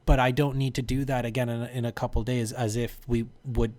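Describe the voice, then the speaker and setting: A man's voice: mid-range voice, level tone, brisk, a little mellow. A man co-hosting a podcast with his partner, talking in an easygoing, rambling way. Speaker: podcast co-host. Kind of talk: casual chat.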